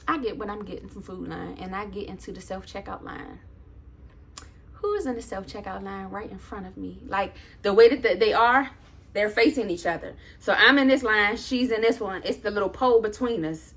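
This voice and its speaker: A woman's voice: medium pitch, moderate pace, husky. A woman vlogger telling a story as a casual rant, in a sassy, sarcastic, chatty way. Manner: animated, loose and chatty.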